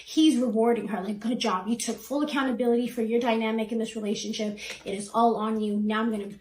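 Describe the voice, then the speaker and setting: A woman's voice: on the high side, steady tone, fast talker, a little mellow, roomy sound, slight background noise, rough recording. A woman hosting a reaction channel, casually recapping someone's story in a chatty way, quoting the people involved with lots of fillers. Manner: chatty, retells with quoted voices and fillers.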